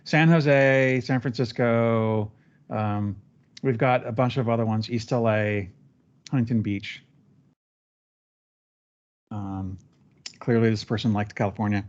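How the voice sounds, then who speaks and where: A man guiding a trainee step by step through a software training session, relaxed and chatty with fillers. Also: on the low side, slow, long pauses, highs cut off. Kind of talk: live screen-share training session.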